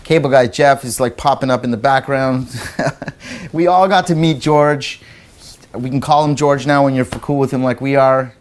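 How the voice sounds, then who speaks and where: A man's voice: medium pitch, fairly even intonation, normal speed. A man in an interview telling an anecdote, rambling with lots of fillers and laughing as he goes. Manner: acts out quotes in raised voices. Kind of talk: anecdotal storytelling.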